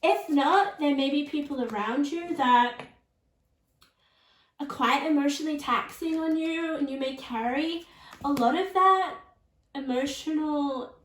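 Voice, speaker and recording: A woman's voice: sits high, unhurried, distant mic. A woman giving a casual pick-a-card tarot reading, chatty and often checking in with "okay?" and "all right?". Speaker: tarot reader. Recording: echoey room, voice off mic.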